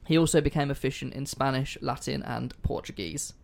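Gravelly man hosting a podcast. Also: mid-range voice, fairly even intonation, fairly quick. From not American. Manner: casual, sweary, storytelling. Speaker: podcast host. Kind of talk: casual history podcast chat.

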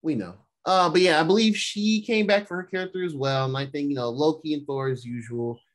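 A man co-hosting a casual show, recapping an episode and acting out the characters' lines in quick asides. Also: fairly high pitch, steady tone. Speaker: podcast co-host.

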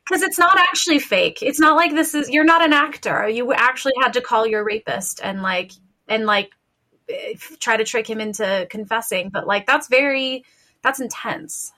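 Woman host, bright higher voice, jumps in w/ quick reactions. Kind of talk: casual chat.

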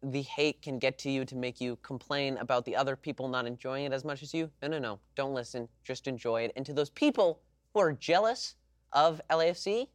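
A man's voice: mid-range voice, a little fast, no room sound. Give me an enthusiastic male podcast host on a dry, close mic. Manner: enthusiastic, fired-up. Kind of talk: casual sports podcast chat.

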